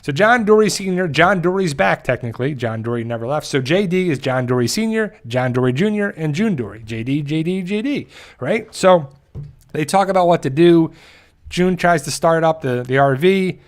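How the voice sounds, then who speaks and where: Hosting his channel, a man with a fairly high, expressive voice recaps an episode in a loose, rambling way. He keeps restarting his thoughts and tosses in quick acted-out quotes from the characters.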